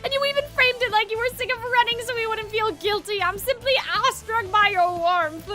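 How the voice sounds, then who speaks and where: A woman's voice: a little fast, over music. A woman putting on a flamboyant, gushing young gallant. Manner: sing-song, theatrical and high. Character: flamboyant theatrical young man, gushing and grand.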